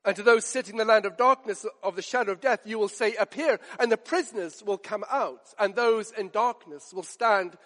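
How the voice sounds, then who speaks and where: A man's voice: high voice, brisk, hardly any pauses, a bit bright. A man preaching a sermon in an earnest, emphatic way, repeating phrases for effect. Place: church. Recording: long reverb of a large church.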